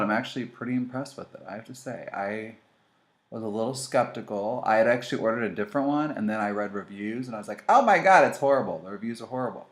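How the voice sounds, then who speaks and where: Chatty and animated, a man with a mid-range voice hosts a casual makeup tutorial, speaking directly to viewers as he demonstrates.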